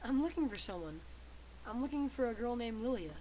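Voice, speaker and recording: An actress voicing a calm, earnest teenage boy, speaking in a plain, polite way. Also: fairly high pitch, brisk, slight background noise, lightly acted, low-quality recording.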